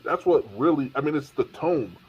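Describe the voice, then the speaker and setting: A man's voice: on the high side, normal speed, breathy edge. A man co-hosting a podcast, making his points emphatically in a casual discussion. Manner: argumentative, emphatic. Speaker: podcast co-host. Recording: lo-fi dull sound.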